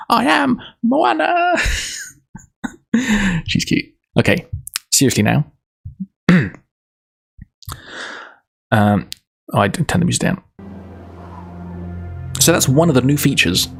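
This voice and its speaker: A man's voice: medium pitch, animated, slow, vocal fry, long pauses, breathy edge. A man on a casual livestream who rambles, interrupts himself and laughs easily, then reads a book aloud.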